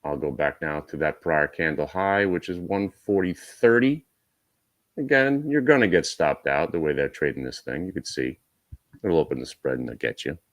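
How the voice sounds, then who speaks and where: Male trading-room host, very low pitch, dry close sound, brisk coaching manner. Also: no echo. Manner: brisk and coaching, talks to viewers directly; wry asides. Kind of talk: live trading room commentary.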